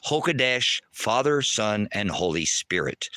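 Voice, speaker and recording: A man preaches furiously at his livestream chat, cursing often and swinging between shouts and low lecturing. His voice is fairly high, very bright and sharp, and the pitch jumps around a lot. The sound is close and dry. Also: lively intonation, normal speed, no echo. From United States. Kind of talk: heated livestream rant to chat.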